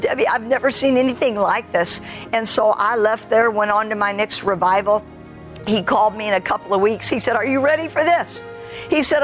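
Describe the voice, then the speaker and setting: A woman preaching as a traveling revival evangelist, telling a testimony in a lively way, acting out quoted speech and speaking straight to the congregation. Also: mid-range voice. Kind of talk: sermon testimony.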